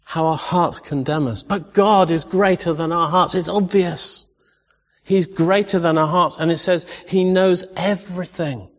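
A man preaching a sermon as pastor, impassioned, rising to loud exclamations and sometimes emotional. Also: high-pitched, fairly even intonation, measured pace. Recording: dull lo-fi sound with long reverb.

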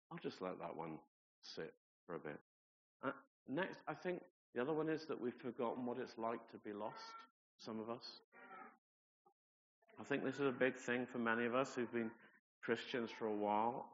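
A man's voice: fairly low pitch, fairly bright tone. A man delivers a sermon in an earnest, conversational manner, weaving in personal stories. His voice carries a long echo from a large church hall. The recording is dull and lo-fi. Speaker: preacher. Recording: reverberant hall, dull lo-fi sound.

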